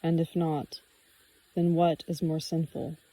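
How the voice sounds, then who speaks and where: A woman voicing a joyful young woman of the forest in an audiobook reading, with a gentle, sing-song delivery. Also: deep voice, little pitch movement, unhurried, poor audio. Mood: questioning.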